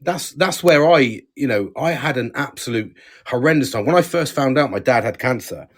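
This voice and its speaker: A man's voice: mid-range voice, animated, normal speed. An English man on a live chat show, talking supportively and repeating words as he thinks. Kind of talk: casual chat.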